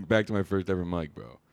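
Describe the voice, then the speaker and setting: A young comedian with a very low voice chats as a podcast guest, laid-back and constantly saying dude. He is recorded close and dry on a studio mic. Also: no room sound. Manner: laid-back, says dude and bro a lot. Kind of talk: casual podcast chat.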